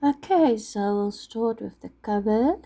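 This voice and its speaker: A woman with a husky voice from being ill, patiently explaining each step of a craft project. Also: a little high, lively intonation, unhurried, mellow. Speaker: craft tutorial maker.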